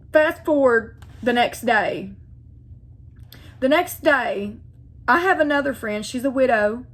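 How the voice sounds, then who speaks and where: Woman, faith vlogger; earnest personal testimony, a little high-pitched, talks straight to her viewers. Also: a bit bright. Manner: earnest, heartfelt, repeats phrases, addresses viewers directly.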